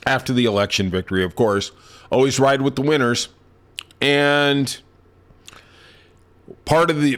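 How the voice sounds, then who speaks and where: A middle-aged man hosts a political podcast in loose, sarcastic commentary and drifts into anecdotes. His pitch sits in the middle of a man's range but swings widely as he mocks and jokes. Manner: sarcastic, animated storytelling. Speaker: podcast host.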